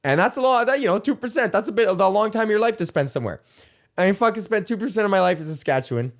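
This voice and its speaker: A man's voice: high voice, expressive, fast. A young man hosting a comedy podcast, ranting in a casual, rambling way, swearing and laughing often. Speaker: podcast host.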